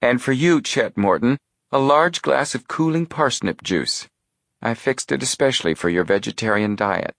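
A man's voice: medium pitch, lively intonation, moderate pace, gravelly, a bit bright, dry recording, clean studio sound, voice pushed up. A man voicing a fussy, caring middle-aged aunt who talks in a bustling, scolding way. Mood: fussing.

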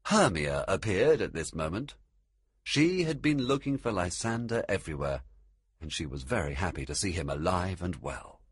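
Deep husky guy reading a storybook out loud, lively delivery. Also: normal speed, no room sound, studio quality. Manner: expressive read-aloud. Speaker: narrator. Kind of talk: storybook narration.

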